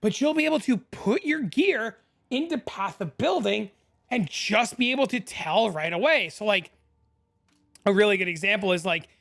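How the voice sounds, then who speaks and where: A hoarse man hosting a gaming channel, talking excitedly and rambling step by step through a screen-recorded game tutorial into a desk microphone. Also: high voice, moderate pace. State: hoarse, losing his voice.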